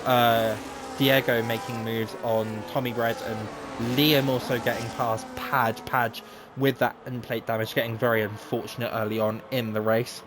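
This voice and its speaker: A man giving chatty live commentary on an online racing league, talking in quick bursts. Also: medium pitch, level tone, over music. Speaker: race commentator.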